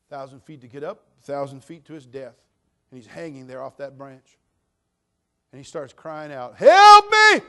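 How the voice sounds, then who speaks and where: A man with a notably high voice preaching a sermon. He moves from quiet, drawn-out emphasis to loud, climbing exhortation, talking straight to the congregation. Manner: animated, swings from hushed to shouting. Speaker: pastor.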